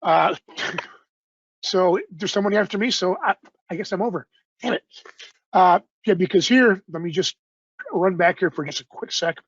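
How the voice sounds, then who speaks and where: Male presenter, informal webinar demo, fairly high raspy voice, muffled lo-fi call sound. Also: moderate pace, dry recording. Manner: informal, apologetic, loosely unscripted. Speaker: software presenter. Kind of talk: live software demo webinar.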